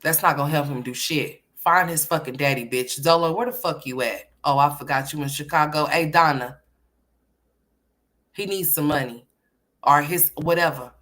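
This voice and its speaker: A woman's voice: low voice, moderate pace, a bit bright. A woman hosting casual reaction commentary, blunt, sassy and profane as she talks back at a clip. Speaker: commentary host.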